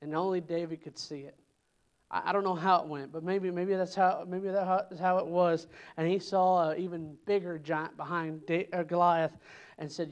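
A man preaching a sermon at a church service, emphatic and repetitive, building his lines up in pitch and loudness. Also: fairly even intonation, normal speed, lo-fi sound. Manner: emphatic, repeating phrases with swells in pitch and volume.

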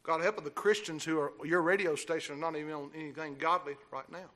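A man preaching a sermon, swinging from low, steady talk into fiery shouting. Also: fast. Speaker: pastor.

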